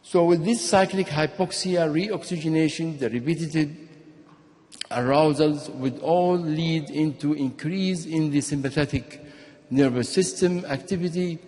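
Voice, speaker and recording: A man delivers a medical conference lecture in a fairly high voice. He explains things steadily and now and then restarts a phrase. His voice carries a long echo from the lecture hall. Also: a little slow. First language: Arabic. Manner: explanatory, steady, sometimes restarts and repeats words. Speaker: physician giving a conference talk.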